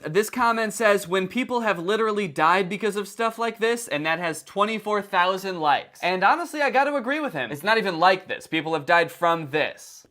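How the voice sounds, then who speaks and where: A young man giving sarcastic comedic commentary on online videos with deadpan asides. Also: high voice. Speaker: commentary youtuber.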